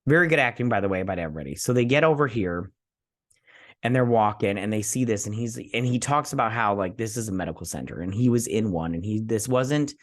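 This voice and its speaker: A man's voice: fairly low pitch, expressive, a little fast. A tired man hosting a casual TV review, retelling an episode in a rambling, chatty way and often breaking off to give his own reactions. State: tired, yawning. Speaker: TV review host.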